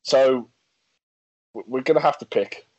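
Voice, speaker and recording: A man's voice: mid-range voice, unhurried, husky, dry recording, dull audio. A man chatting casually as a podcast co-host, reading facts aloud with lots of restarts. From England. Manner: animated, reads facts aloud, frequent restarts and laughs. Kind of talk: casual chat.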